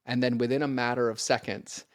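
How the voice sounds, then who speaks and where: A man's voice: medium pitch, level tone, fairly quick, dry recording, clean studio sound. A man talking as a podcast guest, earnest and direct, speaking casually with lots of "like" and the odd swear, often addressing listeners straight on. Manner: casual, peppered with "like" and mild swearing.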